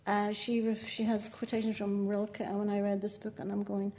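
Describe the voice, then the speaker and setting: An older Northern Irish woman with a mellow, warm voice. She speaks as a poet guest in a relaxed interview. She chats freely, laughs often and pokes fun at herself. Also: mid-range voice, normal speed. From Northern Ireland. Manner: chatty, laughing often, with self-mocking asides. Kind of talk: conversational interview.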